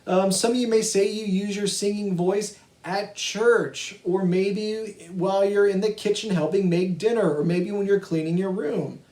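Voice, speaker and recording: A man's voice: high voice, fairly even intonation, unhurried, few pauses, a little mellow. A male music teacher giving a virtual kindergarten lesson, patient and encouraging as he talks to young children and their families. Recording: echoey room.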